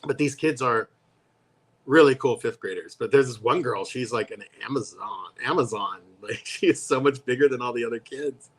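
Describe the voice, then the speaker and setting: A man's voice: mid-range voice, moderate pace, breathy edge. Co-host, male, conversational storyteller who jumps into voiced quotes. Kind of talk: casual chat. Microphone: live stream.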